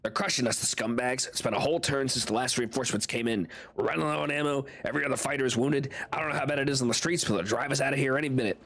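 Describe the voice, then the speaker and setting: A man's voice: mid-range voice, rapid-fire, few pauses, fairly bright tone. A man voicing a weary, battered male soldier sergeant in a game, giving a clipped military report. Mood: grim.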